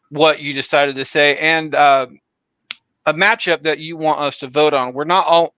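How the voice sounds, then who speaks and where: Bright, crisp podcast host. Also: male voice, on the high side, no room sound, dull audio. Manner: rambling, many fillers and restarts. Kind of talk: casual chat.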